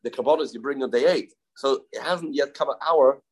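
A man with a mid-range, husky voice teaches a daily Talmud lesson at a brisk pace, with poor audio. He blends English with Hebrew and Aramaic terms, often repeats phrases, and poses questions to himself.

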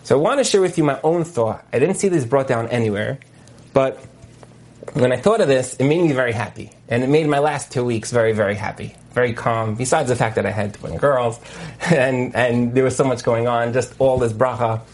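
Guy coaching over a zoom call, mid pitch, storytelling, lots of like and you know. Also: a little fast. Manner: animated storytelling with many fillers and asides. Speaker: marriage coach and Torah teacher. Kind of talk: lecture on a video call. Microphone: video call mic.

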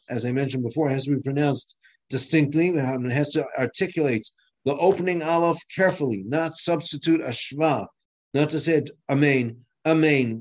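A man's voice: a little high, darkish tone. A man teaching a halacha class, explaining step by step with frequent restarts and fillers, and sounding out words to show their pronunciation. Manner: halting, with many restarts and fillers. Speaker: Torah teacher.

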